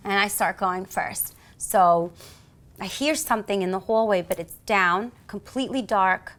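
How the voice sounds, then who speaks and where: A woman from the United States with a New York accent speaks at medium pitch and a normal speed. She's a police officer appearing as an interview guest, telling a story in a lively, theatrical way and acting out the voices of its characters.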